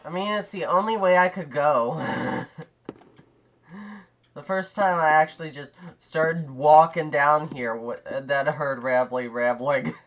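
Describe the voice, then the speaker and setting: A young man with a high, nasal, nerdy voice giving rambly, jokey let's-play commentary on a game. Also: unhurried, fairly bright tone. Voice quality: high nasal nerdy voice, compared to a cartoon sponge. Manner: rambly, jokey, self-deprecating. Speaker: gaming commentator.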